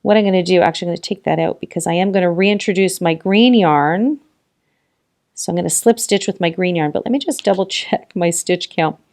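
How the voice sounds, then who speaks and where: A woman's voice: fairly low pitch, a little fast, a little mellow. A woman hosting a casual crochet tutorial, talking through each step, counting stitches aloud and encouraging viewers with frequent laughs.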